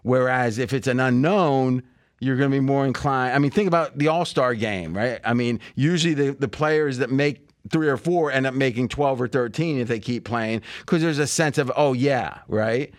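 A man's voice: mid-range voice, normal speed, no room sound, clean studio sound. A man hosting a sports betting podcast, rambling and thinking aloud with lots of fillers and restarts. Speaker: podcast host. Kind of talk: casual sports betting chat.

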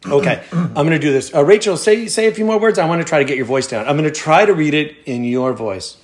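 Man, podcast host, casual chat, playful, jokey. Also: fairly high pitch. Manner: playful, jokey, quick asides.

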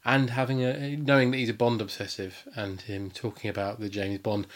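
A man's voice: fairly low pitch, flat delivery, moderate pace. A man chatting as a podcast guest, enthusiastic and rambling, with lots of fillers and restarts. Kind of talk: casual chat.

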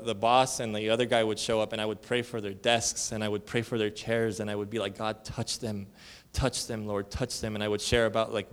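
A man's voice: on the low side, clear, resonant tone. A male church elder giving a conference sermon, telling stories in a casual, slangy way and acting out the people in them. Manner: casual storytelling with slang and fillers; acts out dialogue with shifting voices.

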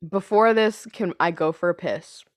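A young woman co-hosting a casual podcast, animated and chatty, with "like" all through her talk. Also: fairly low pitch, moderate pace, no room sound. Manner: chatty, animated, says like a lot. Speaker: podcast co-host.

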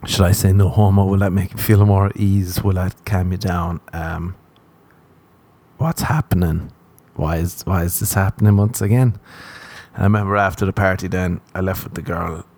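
A man's voice: sits low, flat delivery, normal speed, darkish tone. A man with an Irish accent, a podcast host, telling a comic story in a casual way. He acts out the dialogue with lots of laughter. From Ireland.

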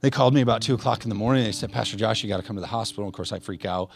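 Male pastor, low gravelly voice, earnest sermon delivery with many ums and restarts, soft guitar behind. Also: rapid-fire. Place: church service. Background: soft guitar playing.

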